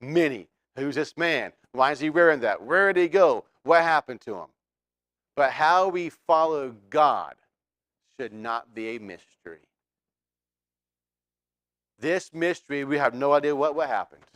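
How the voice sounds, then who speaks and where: Smooth-voiced conversational male pastor. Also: on the high side, animated, unhurried, long pauses, fairly bright tone, no echo, clean studio sound. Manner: conversational, questioning the congregation, with fillers. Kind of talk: sermon.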